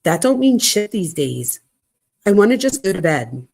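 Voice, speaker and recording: A woman's voice: lowish voice, big pitch swings, normal speed, gravelly, darkish tone, full character voice. A woman reading as an irritated young girlfriend. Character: angry young woman texting her boyfriend.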